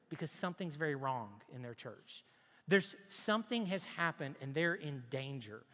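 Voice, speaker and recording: A man delivers a sermon in a somewhat high voice, emphatic and direct. He keeps asking the congregation questions and repeating his main points. His voice rings with the long reverb of a large church hall. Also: a bit bright. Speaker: preacher.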